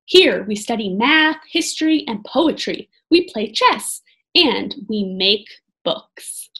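A woman's voice: a little high, animated, takes it slowly, fairly bright tone, husky, full character voice. A woman voicing a kind, welcoming monk in a read-aloud storybook. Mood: warm. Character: kind, gentle elderly male monk.

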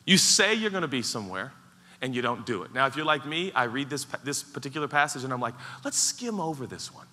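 Animated preacher in a reverberant hall. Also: male voice, mid-range voice, quick pace. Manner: animated, acts out mock voices and quotes. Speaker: pastor. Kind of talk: sermon. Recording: large hall with long reverb.

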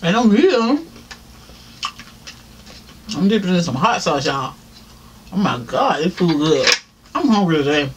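A man's voice: high voice, big pitch swings, measured pace, pauses often, background noise. A man with a Southern US accent, chatting casually to viewers while eating on camera, laughing often and saying "y'all". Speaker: mukbang vlogger. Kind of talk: casual eating-show chat.

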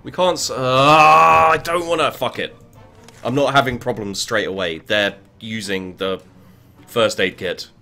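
A man commentating a game as he plays, swearing often and bursting into yells and chanted words. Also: fairly low pitch, unhurried, soft background music. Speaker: gaming video creator. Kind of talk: let's play commentary.

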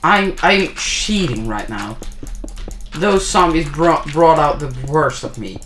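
A man playing a game with a friend and chatting casually, loud and swearing, shouting now and then. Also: a little high, expressive, slow pace, faint music behind. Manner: loud, cursing, shouts in bursts. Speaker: gamer. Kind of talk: casual gaming chat. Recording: roomy amateur voice chat with faint noise.

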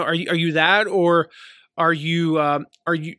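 A man's voice: fairly high pitch, steady tone, measured pace, pushed and bright, dry recording, studio quality. A man in his thirties from the American South, with a light Southern accent, hosting a casual solo podcast, chatty and full of fillers and restarts. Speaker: podcast host.

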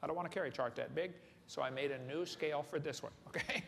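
Talking fast in a fairly high, fairly bright voice with vocal fry, a seminar speaker gives a humorous lecture in a large hall. He's folksy and joking and keeps putting questions to the live audience. Faint room noise and hall echo fill the recording.

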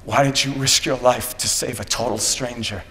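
A man's voice: mid-range voice, steady tone, normal speed, fairly bright tone, close to an everyday voice. A man voicing an old warrior chief, calling out with urgency. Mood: pleading. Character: old male warrior chief, desperate and pleading. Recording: echoey hall.

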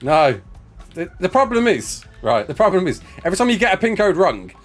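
A man's voice: high voice, sing-song, fairly quick, faint music behind. A man hosting a casual gaming session, playful and laughing, calling his co-player mate. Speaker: gaming video host.

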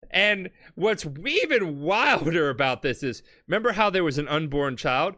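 Drunk podcast host, bright, lively and rambling, full of laughs and swearing. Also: mid-range voice, normal speed, hardly any pauses. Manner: animated, laughing, swearing, acting out characters. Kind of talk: drunk comedic storytelling.

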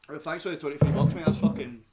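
A man's voice: fairly high pitch, fast talker, dark tone, faint music behind. A young Scottish man hosting a casual beer-drinking stream, full of rowdy, sweary banter. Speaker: stream host. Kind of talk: casual chat.

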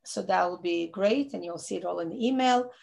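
Earnest woman with gravelly, accented English. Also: on the low side, fairly quick, darkish tone. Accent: non-native English. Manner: earnest, repeats phrases for emphasis. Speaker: rebbetzin teaching a women's class. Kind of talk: informal Torah talk.

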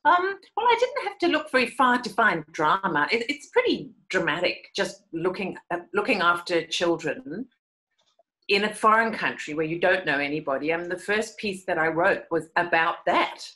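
A woman's voice: fairly low pitch, normal speed, poor audio. A middle-aged woman with a South African accent, telling stories animatedly as an interview guest. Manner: animated storytelling, laughs often. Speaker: guest, actress and cabaret artist. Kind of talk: conversational interview.

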